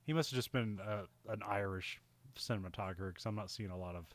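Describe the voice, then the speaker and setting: A man's voice: on the low side, quick pace. A man co-hosting a casual film podcast, rambling through his thoughts and laughing often. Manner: rambling, laughs often, animated when excited. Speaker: podcast co-host.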